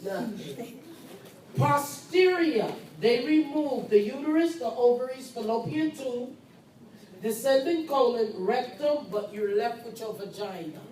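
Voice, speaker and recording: A woman, giving a nursing lecture to a class in a loud, emphatic, conversational way with asides to her students. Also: fairly high pitch, animated, unhurried. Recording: echoey classroom recorded from far off with background noise.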